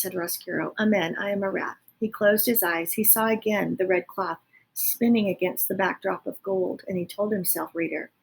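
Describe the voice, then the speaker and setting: Breathy woman reading a book aloud. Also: medium pitch. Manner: chatty asides, self-correcting. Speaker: reader.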